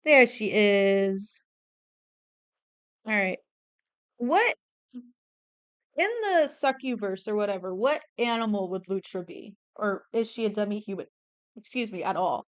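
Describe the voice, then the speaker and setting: A young woman with a smooth, clean voice chats through a drawing stream. She gushes over the characters, swears freely and often trails off mid-thought. Her voice sits at an ordinary middle pitch. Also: expressive, slow, pauses often. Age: young adult. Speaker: streamer drawing commissioned art. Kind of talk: casual livestream chat while drawing.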